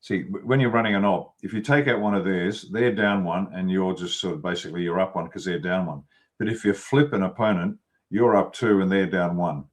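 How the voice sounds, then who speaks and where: A man from Australia, a retired army officer, speaking as an interview guest in a measured, analytical way. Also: low-pitched. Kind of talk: casual conversational interview.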